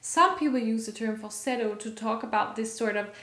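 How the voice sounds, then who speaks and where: A woman's voice: on the high side, fairly quick, bright, forceful tone, echoey room. A woman vocal coach explaining singing technique to her viewers, upbeat and enthusiastic, stopping to sing short examples.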